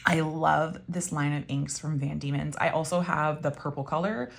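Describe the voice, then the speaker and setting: A woman's voice: low-pitched, normal speed, vocal fry. A woman chatting casually and enthusiastically while showing and writing with her pens, with many fillers. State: voice getting froggy. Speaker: pen and ink vlogger.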